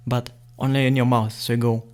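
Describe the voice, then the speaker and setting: A man walks beginners through beatbox sounds in a loose, chatty tutorial. His voice sits at an ordinary, middle pitch. He talks playfully and gets excited easily, breaking into laughter. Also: brisk. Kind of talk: casual tutorial explanation.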